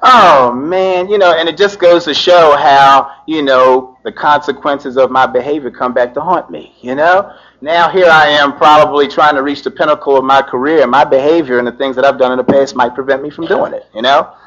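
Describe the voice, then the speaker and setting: A middle-aged man, a lawyer, telling a personal story in an animated way, filling his talk with "you know" and laughing as he goes. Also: on the high side, normal speed. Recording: dull lo-fi recording.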